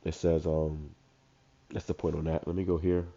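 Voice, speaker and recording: A man with a stuffed-up voice who reads verses slowly, then comments on them in casual slang. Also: very deep voice, little pitch movement, mellow. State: congested, stuffed up. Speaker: street preacher. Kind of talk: informal scripture commentary. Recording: dull lo-fi recording.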